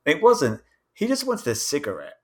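A man's voice: a little high, wildly swooping pitch, moderate pace, a little mellow. A British man hosting a podcast, chatting casually and telling rambling stories with little put-on voices and many restarts. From England. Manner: chatty storyteller, slips into impressions, rambling restarts. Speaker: podcast host. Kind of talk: casual chat.

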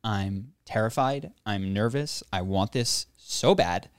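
A man on a podcast telling a personal story in a casual chat, animated, acting out the voices of others and joking at his own expense. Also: fairly low pitch, takes it slowly, few pauses, smooth, dry recording, clean studio sound. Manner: animated, acts out quoted voices, laughs often; self-deprecating humor.

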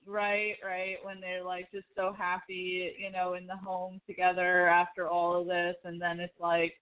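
A woman co-hosting a casual podcast, retelling scenes from a TV show in an animated, chatty way and acting out the characters' lines. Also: on the low side, unhurried, smooth. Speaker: podcast co-host. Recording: phone-like narrow sound.

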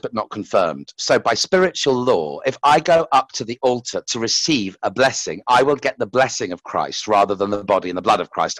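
A man's voice: fairly low pitch, a bit bright, no echo, poor audio. A man telling a candid personal story as a podcast guest, speaking frankly and swearing casually.

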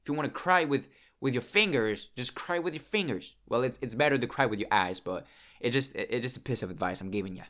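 A man's voice: medium pitch, animated, fast talker, fairly bright tone. A young man talks straight to the camera in a loose, emotional ramble, full of swearing and stumbling restarts. His voice sits in an ordinary middle range for a man. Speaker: vlogger. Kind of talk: casual monologue to camera.

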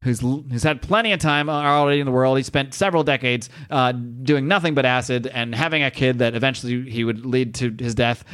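A man's voice: medium pitch, fairly quick, few pauses, fairly bright tone. A man hosting a podcast, casually recapping a comic in a rambling, amused way and quoting the characters as he goes. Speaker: podcast host.

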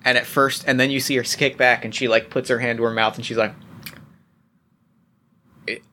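A man's voice: medium pitch, little pitch movement, fast, sharp tone, a little hiss or hum. A man narrating as game master of a tabletop role-playing game, rambling with lots of fillers and restarts.

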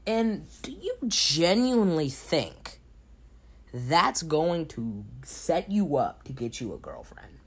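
Sleepy young man with lively pitch swings. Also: takes it slowly, slightly rough. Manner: emphatic, repeats words for stress. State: sleepy, recording at 3 a.m. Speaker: podcast host. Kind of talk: casual solo podcast advice. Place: home, late at night. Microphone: home podcast mic.

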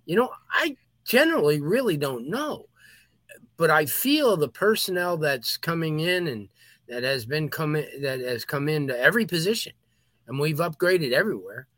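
A man's voice: on the high side, animated, normal speed, a bit bright, dry recording. A man co-hosting a sports podcast, talking emphatically in casual chat. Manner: emphatic, talks through sneezes and throat clearing. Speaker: podcast co-host.

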